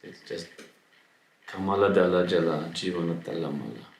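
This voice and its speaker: A man telling devotional stories in a temple in short, broken phrases, leaving pauses for a translator to keep up. His voice is gravelly. The room around him echoes. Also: low-pitched, animated, a little hiss or hum. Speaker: spiritual speaker. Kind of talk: devotional storytelling talk with translation.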